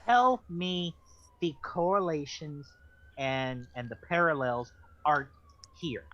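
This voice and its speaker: A man chiming in with rambling, halting jokes during a book club reading. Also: on the high side, fairly bright tone. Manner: rambling, halting jokey asides. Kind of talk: casual joking commentary. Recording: dull lo-fi mic.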